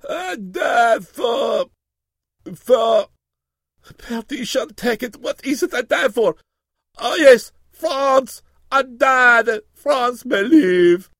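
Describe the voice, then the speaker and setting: A man voicing a pompous, fearful French duelist in a solemn, melodramatic, drawn-out way. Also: mid-range voice, animated, vocal fry, dry recording, clean studio sound, pitched below the performer's own voice. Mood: dramatic.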